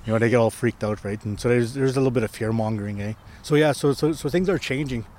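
Speaking quickly in a mid-range, slightly mellow voice, a First Nation chief tells a story during a casual outdoor interview on a hill. He rambles, often restarting sentences and adding tag questions.

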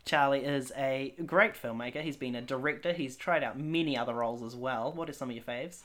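A podcast host chatting casually and reading a gamebook aloud with playful, animated delivery. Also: mid-range voice, brisk.

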